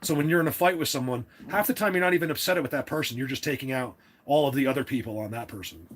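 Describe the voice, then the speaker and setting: A man's voice: medium pitch, fast, background noise. A man hosting a casual livestream, talking to his chat in an opinionated, rambling way with many restarts. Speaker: livestream host.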